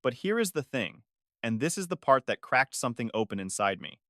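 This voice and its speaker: A man narrating a first-person dramatic story in a measured, confessional way. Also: medium pitch, very animated, sharp tone, no room sound, clean studio sound.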